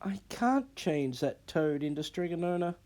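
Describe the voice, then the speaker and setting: Man reading a storybook doing a bossy clever little apprentice girl, warning voice, pitched up, slow. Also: animated, darkish tone. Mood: calm. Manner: stern and warning. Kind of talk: storybook read-aloud.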